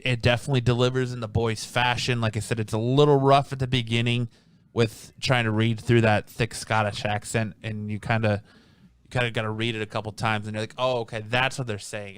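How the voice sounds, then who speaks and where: A man hosting a laid-back comic review chat, his voice smooth and resonant in a dry, close space. He rambles through each summary, doubling back and filling pauses with ums. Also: fairly low pitch, dry recording. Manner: rambling, restarts often, many ums. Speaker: comic book reviewer, podcast host.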